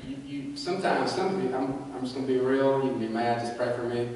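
A man preaching a sermon in a folksy, joking way, swinging between quiet and loud. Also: medium pitch, steady tone, fast, hardly any pauses. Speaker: pastor. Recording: echoey church hall from far off.

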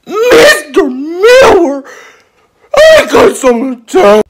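A man's voice: very high voice, wildly swooping pitch, slow, full character voice. A man voicing a whiny boy student who tattles on a classmate in a crying voice.

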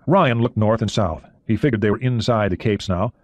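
A man reading a thriller audiobook in steady narration. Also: lowish voice, brisk, dry recording.

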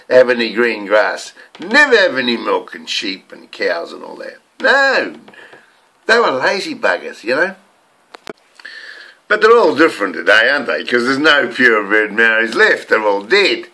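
Older New Zealand man, rambling vlog ranter, bright forceful voice with big swings in pitch. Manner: rambling, ranting, repeats words. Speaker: vlogger. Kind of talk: rambling monologue to camera.

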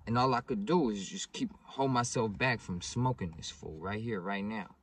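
A man's voice: fairly low pitch, normal speed, husky. A man telling a story in blunt, profane street slang. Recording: voice distant from the mic.

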